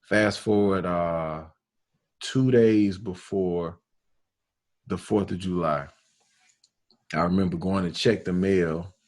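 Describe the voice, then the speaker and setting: A radio DJ from Alabama, telling his story in a relaxed interview with slang and quoted dialogue. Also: low-pitched, slow, pauses often. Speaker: radio DJ, podcast guest.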